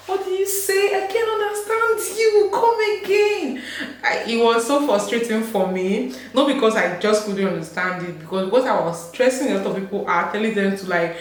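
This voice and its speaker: A young woman from Nigeria with a Delta Nigerian accent, chatting casually to camera, laughing often and acting out voices she quotes. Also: medium pitch. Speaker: vlogger. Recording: very echoey room, faint background hum.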